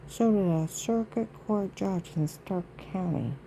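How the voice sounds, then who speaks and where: Gravelly, dark-voiced indignant woman. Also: medium pitch, a little slow, a little hiss or hum, rough recording. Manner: indignant, aggrieved and emphatic, with frequent asides. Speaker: vlogger. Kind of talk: rambling monologue to camera.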